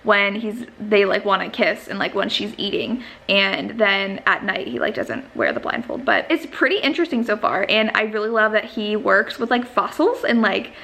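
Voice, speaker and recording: A woman's voice: mid-range voice, lively intonation, normal speed, vocal fry, hardly any pauses, bright, forceful tone. A young woman chatting casually in a book vlog, gushing and rambling with many fillers. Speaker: book vlogger.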